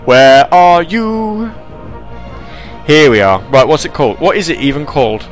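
A man hosting a casual live radio show, rambling and animated as he reads chat messages and tells stories. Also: medium pitch, fast talker, faint music behind.

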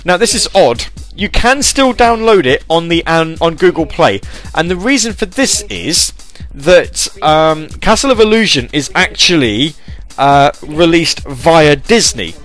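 A man's voice: fairly high pitch, big pitch swings, unhurried, few pauses, fairly bright tone, soft background music. A man hosting a podcast alone, rambling and self-deprecating, with many fillers and restarts. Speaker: podcast host. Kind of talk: casual solo podcast chat.

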